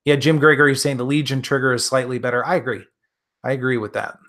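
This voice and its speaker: Midwestern guy doing a live chat, easygoing and rambly, lots of uhs, average pitch. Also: steady tone, fast, fairly bright tone. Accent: Midwestern American. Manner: friendly, rambling, many fillers and restarts. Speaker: gun channel host answering live chat. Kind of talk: casual live-stream chat.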